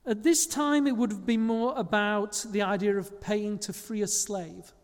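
This pastor speaks a little slowly, preaching conversationally and pausing occasionally to correct himself. His voice is high for a man, and the church hall's lengthy reverb hangs after every phrase.

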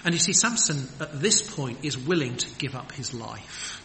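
A man's voice: mid-range voice, lively intonation, moderate pace, pushed and bright. A man preaching a sermon in an earnest, emphatic manner, with rhetorical questions. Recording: long hall reverb, faint background noise.

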